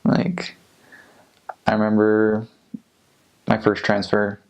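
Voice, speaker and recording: American man, young adult, gravelly voice, relaxed rambling, lots of fillers. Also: lowish voice, takes it slowly. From United States. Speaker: returned missionary. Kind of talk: casual interview talk.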